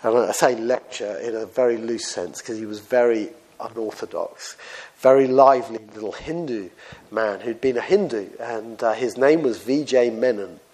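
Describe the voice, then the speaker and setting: A man delivering a sermon at a medium pitch. He talks in a loose, anecdotal way, often pausing on fillers as he builds his points. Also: a little mellow. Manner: conversational, anecdotal preaching with frequent fillers. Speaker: preacher.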